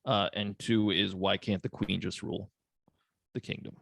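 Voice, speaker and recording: A man's voice: sits low, little pitch movement, normal speed, gravelly, fairly bright tone, dry recording. A man co-hosting a podcast, chatting in a laid-back, rambling way with jokes. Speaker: podcast co-host. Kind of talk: casual chat.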